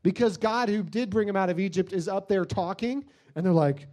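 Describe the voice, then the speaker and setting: A man's voice: high-pitched, brisk. A man preaching a sermon in a jokey, conversational way, telling stories with silly acted-out voices. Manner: animated storytelling, acts out silly voices.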